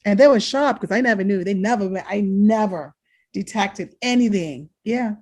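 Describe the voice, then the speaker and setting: A woman co-hosting a podcast, telling a family story in casual chat, animated and laughing often. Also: normal speed. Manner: animated, laughs often, jumps high when quoting herself. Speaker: podcast co-host.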